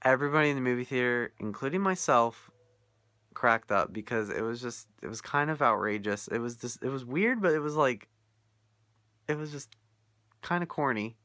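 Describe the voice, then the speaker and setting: Young male vlogger, casual rant, exasperated, bright tone, dry close sound. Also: medium pitch, moderate pace, no echo. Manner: incredulous, animated, laughing often. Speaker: vlogger reviewing a film.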